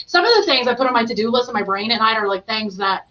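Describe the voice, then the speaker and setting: A woman host in casual podcast chat, animated, laughing often and acting out what others said. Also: a little high, rapid-fire, few pauses, muffled recording.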